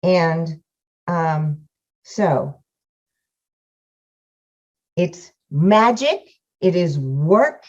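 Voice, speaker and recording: A woman's voice: lowish voice, animated, drawn-out words, long pauses, darkish tone. A woman giving a frank, profane, self-mocking and emotional testimonial about a course over a video call. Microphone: computer camera mic on a video call. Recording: muffled video-call audio.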